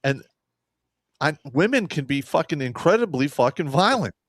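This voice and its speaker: A man's voice: a little high, very animated, normal speed, no room sound, studio quality. A man co-hosting a podcast, ranting heatedly with swearing. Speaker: podcast co-host, army veteran. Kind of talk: casual podcast chat.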